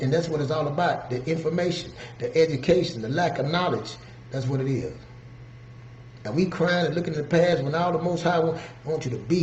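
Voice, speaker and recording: A man's voice: on the high side, darkish tone, slight background noise. A man speaking earnestly and conversationally, telling motivational stories from his own life and often checking in with the listener. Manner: earnest, conversational, frequent "you know what I'm saying". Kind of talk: motivational storytelling. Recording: roomy, slightly dull recording with faint ambience.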